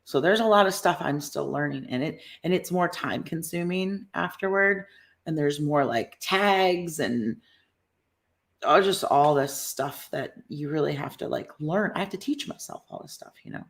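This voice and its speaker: Laughing often, an animated middle-aged woman reads viewers' comments out loud while co-hosting a relaxed live stream. She speaks at a moderate pace in a low, creaky voice.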